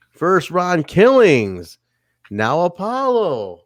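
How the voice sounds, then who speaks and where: This co-host of a casual wrestling podcast has a medium-pitched voice and speaks at normal speed with no echo. Animated and quick to laugh, he acts out wrestlers' quotes as he reviews.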